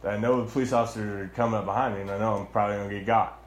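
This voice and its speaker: A man's voice: fairly low pitch, fairly even intonation, rapid-fire, echoey room, a little hiss or hum. A young man, a former Marine, telling the story of his own arrest in a heated, blunt way, with swearing and many restarts. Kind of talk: heated first-person account.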